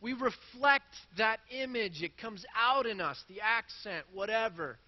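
A man's voice: high voice, expressive, a little slow, in a large hall, highs cut off. A man preaching a sermon in a church, earnest and self-deprecating as he works through quoted scripture. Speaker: pastor.

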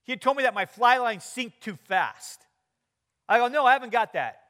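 A man's voice: extremely high pitch, lively intonation, moderate pace, sharp tone. A middle-aged man preaching a sermon, telling stories with quoted dialogue and light humor. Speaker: pastor.

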